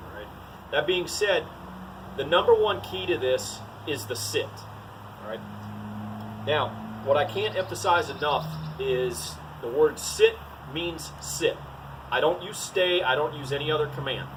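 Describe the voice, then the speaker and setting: A man's voice: on the high side, expressive, measured pace, far from the mic, noisy background. A man teaching dog training in a casual, to-the-point way, often saying "all right" between steps. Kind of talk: casual outdoor training demo.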